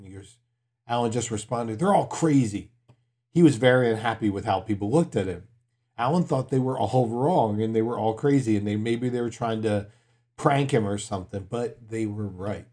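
A middle-aged male pastor delivers a sermon in an earnest storytelling manner. His voice sits at an ordinary middle pitch, and he often drops to a quieter tone to drive a point home.

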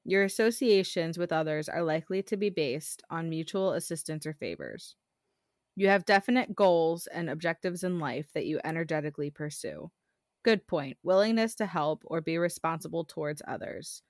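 A woman and mother co-hosting a podcast, chatting casually, telling animated stories and swearing casually. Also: low-pitched, moderate pace, dry recording, clean studio sound. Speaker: podcast co-host. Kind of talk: casual chat about astrology.

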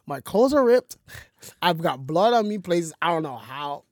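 High-voiced man chiming in, dry sound. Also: measured pace, no echo. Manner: excitable, laughing, chiming in. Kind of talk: casual chat.

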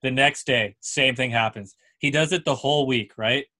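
A young man hosting a casual chat, telling a lively story and checking in with "right?" and "dude". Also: medium pitch, moderate pace.

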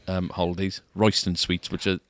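Deep and a bit bright, his voice holds a monotone at normal speed, captured dry in a clean studio. He's a guitar shop staffer co-hosting the store's laid-back podcast, rambling along in casual chat and laughing easily.

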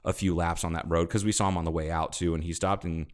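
A man's voice: low-pitched, flat delivery, fast. A man co-hosting a podcast, telling a road trip story in casual chat, swearing freely and acting out quoted people. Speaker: podcast co-host.

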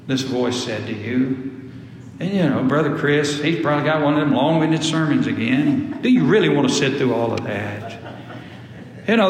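A man's voice: a little high, animated, normal speed, a little hiss or hum. A man preaching a sermon to his congregation, emphatic and repeating key phrases. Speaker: pastor. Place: church sanctuary. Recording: echoey hall.

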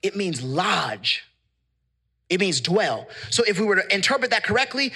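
A male pastor preaching an impassioned sermon in a church, building into shouted, repeated refrains. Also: high-pitched, very animated, moderate pace, slightly rough.

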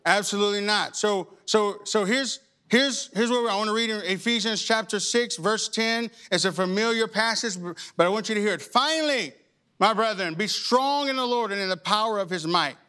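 Man, pastor, sermon, very high voice, bright tone, animated and humorous. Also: normal speed, clear, resonant tone.

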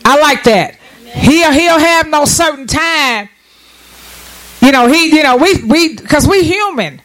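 A man's voice: extremely high pitch, slow pace, low-quality recording. A man preaching a sermon, calling for amens and praise from the congregation, often restarting his phrases as he builds his point. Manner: animated preaching with call-and-response and frequent restarts.

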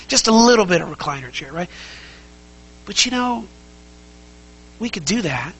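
A man's voice: sits high, expressive, moderate pace, long pauses, fairly bright tone, slightly rough, rough recording. A man preaching a sermon as pastor, conversational and emphatic, asking the congregation many rhetorical questions and repeating key phrases.

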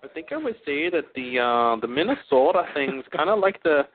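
A man's voice: fairly high pitch, sing-song, moderate pace. Joking man on a tinny line. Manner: joking, laughs often, tries accents. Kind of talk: casual chat. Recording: tinny phone-like sound.

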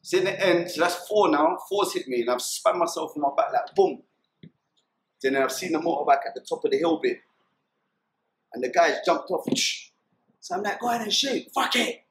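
A young man with a London accent recounts events in a lively, acted-out way, voicing shouts and bangs. His voice sits a little high, and the room around him rings with echo over a faint background noise. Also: brisk, creaky. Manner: vivid retelling, acts out shouts and gunshot sounds. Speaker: interviewee. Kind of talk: animated storytelling.

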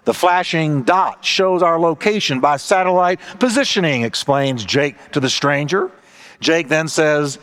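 A man's voice: on the high side, a little slow, fairly bright tone. A man preaching a sermon as pastor, telling stories and acting out the characters' lines with emphatic delivery. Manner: storytelling preacher, acting out voices in a joke.

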